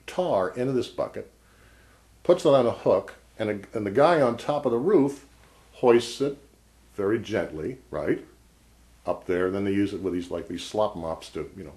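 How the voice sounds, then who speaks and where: A man's voice: lowish voice, normal speed, a little mellow. A man vlogging a casual story about an old job, rambling and wry, often breaking off mid-sentence. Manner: rambling, self-interrupting, wry.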